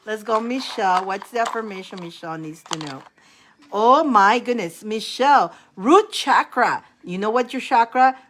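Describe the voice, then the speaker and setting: A woman with a slightly high voice reads tarot cards on a live stream. She is chatty and encouraging, laughs often, and repeats mantras aloud for her viewers. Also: fairly bright tone. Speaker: tarot card reader. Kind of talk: live-stream card reading.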